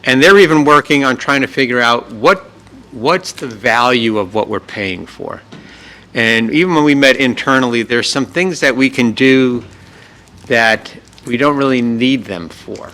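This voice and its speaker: A man presenting an update at a city workshop meeting, losing his voice, measured and explanatory. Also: mid-range voice, pushed and bright, poor audio. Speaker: city manager. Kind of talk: public meeting report.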